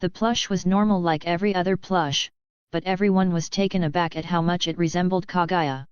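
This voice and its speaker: A woman narrating a web novel audiobook in a steady, even reading voice. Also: lowish voice, fairly quick, clear, resonant tone, no echo. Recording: dull lo-fi dry recording.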